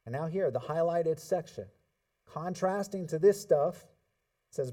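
Man, pastor, sermon, casual teaching style, somewhat high voice. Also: unhurried, dark tone, far from the mic. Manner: casual, conversational preaching with fillers.

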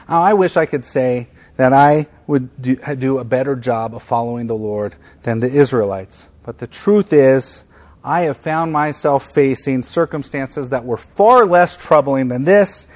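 A man preaching a sermon as pastor. He speaks with emphasis, repeats key phrases, and swings from loud stress to quiet, soft passages. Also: mid-range voice, measured pace.

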